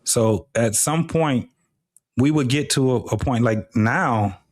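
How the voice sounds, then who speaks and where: A man's voice: medium pitch, takes it slowly, no room sound, studio quality. Blunt, profane middle-aged man host. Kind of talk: casual live commentary.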